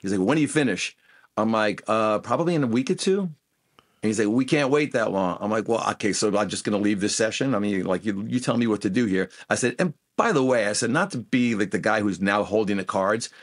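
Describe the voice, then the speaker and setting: A man being interviewed as a guest guitarist, telling animated anecdotes and acting out what people said. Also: fairly low pitch, fairly quick. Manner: animated anecdotes, acts out quoted voices. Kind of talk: casual interview storytelling.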